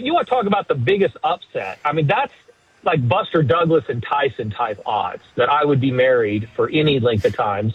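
A middle-aged man calling in to a sports radio show, rambling, joking about himself and pitching his picks. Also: breathy edge. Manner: rambling, self-mocking, salesy. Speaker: sports betting guest. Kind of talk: casual radio call-in chat. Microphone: phone line. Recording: tinny dry phone line.

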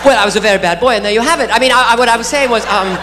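A stand-up comedian playing a flustered, stuttering upper-class British gentleman with a British accent, in a live club. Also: very high voice, racing, long reverb tail. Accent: British English. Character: stammering foppish upper-class British gent. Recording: live club, crowd laughter, noisy.

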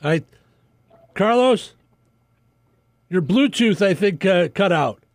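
A man hosts a morning radio show. His voice sits high and bounces around. He laughs easily and leans on fillers while plugging the guest. The sound is dry and close. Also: expressive, slow, no echo. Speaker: radio host.

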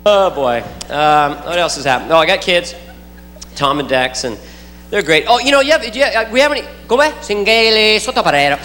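A man's voice: fairly high pitch, very animated, normal speed. A man doing stand-up comedy for a live audience, playful and full of silly sound effects. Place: large venue with live audience. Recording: roomy hall, loud crowd and noise.

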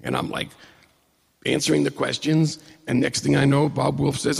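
A middle-aged man telling a personal story to an audience in a conversational, humorous, animated way. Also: mid-range voice, moderate pace, gravelly, husky. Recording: long hall reverb.

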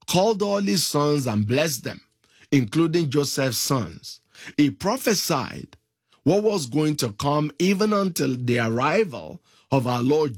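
Man, preacher, sermon, husky voice, very lively pitch, unhurried emphatic delivery. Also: dry recording, clean studio sound. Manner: slow, emphatic preaching with drawn-out phrases.

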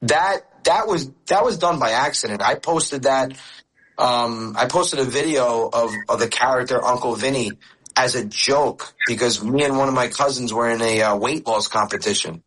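A man chatting as a guest comic in an interview. His pitch sits in the middle. He laughs easily and stumbles over repeated words as the stories pour out. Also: moderate pace, a bit bright, slightly rough, low-quality recording. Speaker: comedian guest. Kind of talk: casual interview chat.

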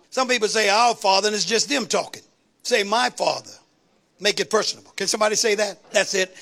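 A woman's voice: mid-range voice, fairly bright tone. A woman preacher delivering a sermon in a rhythmic call-and-response style, building to rising exclamations.

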